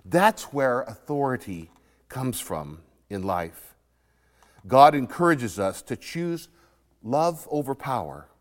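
A male preacher of middle pitch delivers a sermon with an animated, lively voice. He leans hard on key words and slows down for drama. Long reverb rings out around him. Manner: emphatic, dramatic storytelling delivery.

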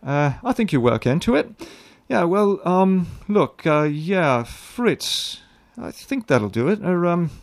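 An actor playing a fussy radio drama director who hesitates a lot, full of ums and restarts. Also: male voice, sits high, sing-song, slow pace, full character voice.

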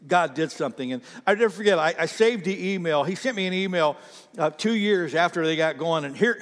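A man preaching a sermon to his congregation with great passion, swinging from near-shouts down to quiet, intimate asides. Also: sits high, big-room sound. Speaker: pastor. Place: church sanctuary.

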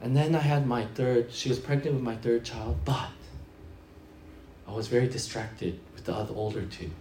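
A man's voice: mid-range voice, moderate pace, reverberant, a little hiss or hum. A middle-aged male pastor preaching a sermon, telling stories and acting out the people in them. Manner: storytelling, animated with acted-out quotes.

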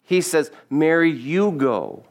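A man's voice: fairly high pitch, sing-song, takes it slowly. Man preaching a conversational sermon. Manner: conversational, humorous asides. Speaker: pastor. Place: church sanctuary.

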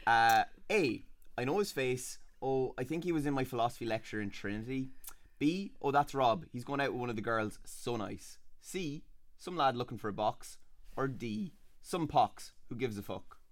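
A woman from Laois with an Irish accent, hosting a podcast and loudly reading out joking quiz questions. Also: rumbling low, animated, normal speed. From Laois, Ireland. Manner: loud, joking, reads quiz options. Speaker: podcast host. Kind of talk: casual quiz chat.

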